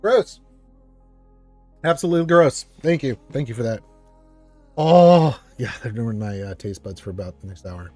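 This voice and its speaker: A man's voice: fairly low pitch, fast talker, few pauses, mellow, husky, no echo, soft background music. A man hosting a casual live stream, greeting viewers and reading chat aloud in a rambling, playful way. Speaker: livestream host.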